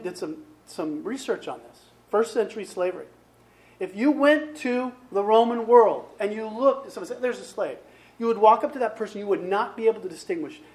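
Man preaching in a conversational way. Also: high-pitched. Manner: conversational preaching, rhetorical questions to the congregation. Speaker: pastor. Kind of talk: sermon.

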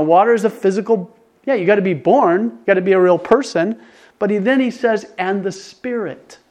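An older man preaching to his congregation in a conversational, animated way, often restarting his sentences and getting excited. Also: high-pitched. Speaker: pastor. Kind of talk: conversational sermon.

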